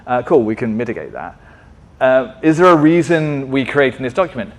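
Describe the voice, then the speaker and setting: A man's voice: medium pitch, expressive, normal speed. A man presenting at a tech meetup in a conversational way, often checking in with the audience. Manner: conversational, asks frequent "right?" checks. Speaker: conference speaker.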